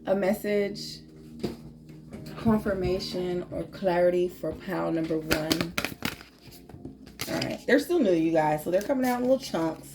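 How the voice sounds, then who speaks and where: A woman's voice: fairly low pitch, measured pace, pauses often, noisy background. A woman giving a casual tarot reading to her viewers, chatty and emphatic, laughing often. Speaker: tarot reader.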